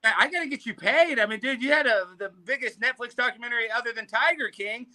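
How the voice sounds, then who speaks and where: A man's voice: extremely high pitch, quick pace, sharp tone. A man who is a guest on a talk show, speaking bluntly, brashly and profanely. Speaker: guest, political commentator. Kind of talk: casual talk show interview.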